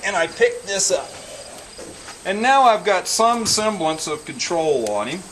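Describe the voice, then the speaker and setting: A man working as a horse trainer, explaining each step calmly and soothing the animal with repeated praise as he works in an outdoor pen. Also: high-pitched, a little slow, far from the mic, low-quality recording. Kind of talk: instructional commentary while working. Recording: outdoors with loud insect noise.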